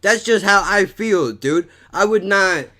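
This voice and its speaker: A man hosting a podcast, telling a story in a casual, animated, profane way and saying "dude" and "bro" a lot. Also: high-pitched, a little slow. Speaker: podcast host.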